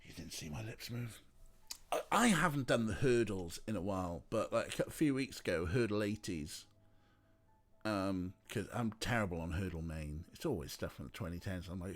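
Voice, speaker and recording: A man's voice: fairly low pitch, animated, normal speed. A man streaming a game, chatting casually in a rambling, filler-heavy way. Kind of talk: casual let's play chat.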